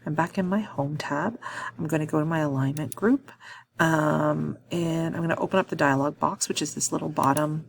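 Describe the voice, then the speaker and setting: A woman with a low voice and a gravelly edge talks through a screen-recorded software tutorial. She thinks aloud as she clicks, filling gaps with ums and correcting herself on the fly. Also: normal speed. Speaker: instructor.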